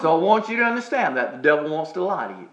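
A man preaching a sermon as pastor, stretching out key phrases slowly for emphasis. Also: fairly high pitch, sing-song, fairly bright tone. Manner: preaching with slow, drawn-out emphasis on key words.

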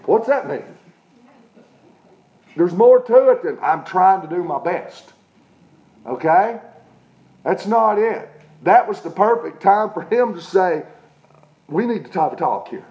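A middle-aged man preaching with steady emphasis, stopping often to check that his congregation follows. His voice sits a little high but sounds mellow and dark in tone. The recording is dull and lo-fi, as if captured in a church. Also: takes it slowly, long pauses, echoey room. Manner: emphatic preaching with repeated "okay?" check-ins. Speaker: pastor. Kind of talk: sermon.

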